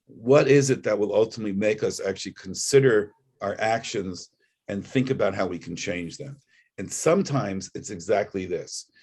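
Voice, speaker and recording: A man's voice: lowish voice, normal speed, a little mellow, husky. A man sharing a personal reflection over a video call, rambling with frequent restarts. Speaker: guest speaker.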